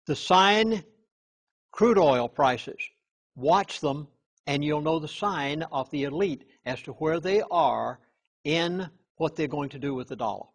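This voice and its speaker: A man with a somewhat high, husky voice holds forth as a chaplain in an interview. He leans hard on key words and often restarts his sentences, giving his talk an earnest, urgent edge. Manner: emphatic, punches key words, halting restarts.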